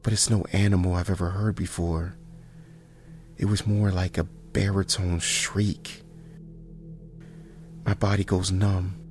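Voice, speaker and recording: A man narrating a first-person horror story in a slow, hushed delivery that sometimes drops to near whispers. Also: deep voice, flat delivery, soft background music.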